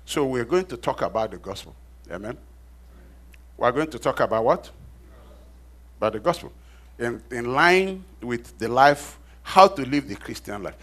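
Middle-aged pastor preaching with call-and-response. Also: male voice, medium pitch, expressive, normal speed, long pauses, fairly bright tone. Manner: asks the congregation to finish his sentences; repeats key phrases for emphasis. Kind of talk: sermon.

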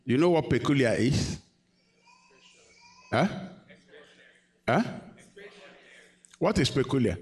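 A man's voice: mid-range voice, animated, slow, pauses often, a little mellow. A man preaching a sermon, questioning the congregation and rising to emphatic peaks. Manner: call-and-response, questioning the congregation.

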